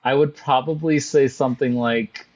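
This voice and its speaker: A man appearing as a podcast guest, talking in slow, hesitant casual chat with some giggling. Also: medium pitch, steady tone, a little mellow, muffled recording.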